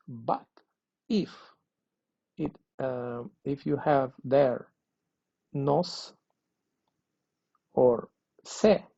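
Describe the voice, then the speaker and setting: A man with a fairly high, dark-toned voice and some vocal fry teaches a language lesson, explaining grammar patiently. He repeats himself and keeps checking understanding with frequent questions like "okay?". The recording is dull, lo-fi and dry, with no room sound.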